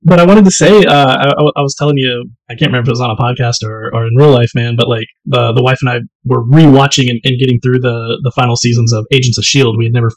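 A man tells stories in relaxed, easygoing podcast chat over drinks, often tossing in "man." His voice sits in a middle range, and the recording is dry and close. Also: mid-range voice, fast talker, hardly any pauses, no room sound, poor audio. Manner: relaxed storyteller, laid-back, says "man" a lot. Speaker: podcast co-host. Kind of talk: casual chat over whiskey.

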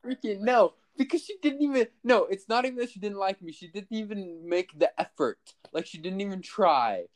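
A young man co-hosting a podcast in casual chat, animated and jokey, venting and laughing. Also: high-pitched, moderate pace. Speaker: podcast co-host.

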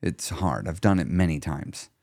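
A man's voice: low voice, moderate pace, vocal fry, dry recording, studio quality. A middle-aged man hosting a solo weight loss podcast, talking casually and getting worked up into rants. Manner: excitable, gets worked up and rants.

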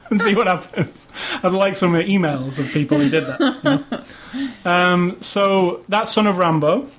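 A man's voice: high-pitched, huge pitch swings, a little slow. Male podcast co-host, loose rambling delivery, jokey with frequent laughs. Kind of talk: casual chat.

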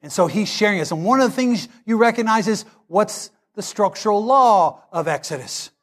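Male preacher, high voice, energetic storyteller who builds to shouts. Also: normal speed. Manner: animated storytelling, swells into shouting. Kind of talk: sermon.

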